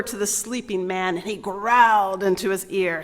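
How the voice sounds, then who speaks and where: A woman's voice: mid-range voice, a little slow, few pauses. A woman reading a picture book aloud to children at a church service, playful and asking them questions. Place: large sanctuary. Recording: long reverb in a large hall.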